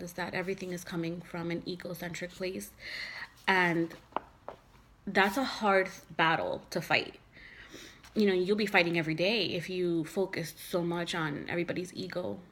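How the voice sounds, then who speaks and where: A woman speaking to camera about faith and the ego, earnest and heartfelt, with slow emphatic repetitions and soft near-whispered phrases. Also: on the low side, slight background noise, poor audio. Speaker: mother sharing spiritual reflections. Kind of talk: personal reflective monologue.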